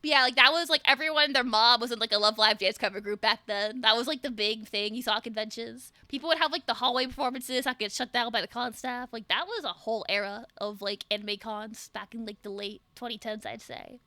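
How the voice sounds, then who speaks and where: A woman's voice: fairly high pitch, steady tone, a little fast, few pauses, pushed and bright, dry recording. A young adult woman VTuber streaming with the flu, chatting casually with her viewers, joking and swearing with lots of "like". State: sick with the flu. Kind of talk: casual live-stream chat.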